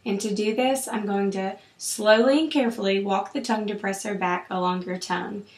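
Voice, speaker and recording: A woman clinician calmly guiding a patient through an oral exam, with steady, encouraging instructions. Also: mid-range voice, brisk. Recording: roomy echo.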